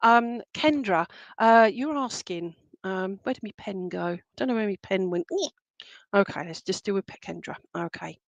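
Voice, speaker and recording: A woman's voice: medium pitch, normal speed, no echo, highs cut off. A woman giving psychic readings on a live stream, chatty and reassuring, full of fillers and pet names like "my lovely". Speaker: psychic medium. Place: room with a table of crystal animals.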